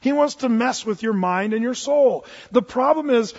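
Brief: male preacher, high husky voice, lively storytelling sermon, muffled recording in a reverberant hall. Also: normal speed. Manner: animated storyteller, swings from loud to hushed, jokes. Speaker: pastor.

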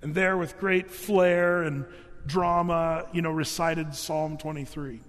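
A pastor preaches a sermon in a notably high, slightly bright voice, keeping a steady tone and taking it slowly. His delivery is loose and conversational, full of fillers and restarts, and a long reverb makes it sound like he's filling a large hall.

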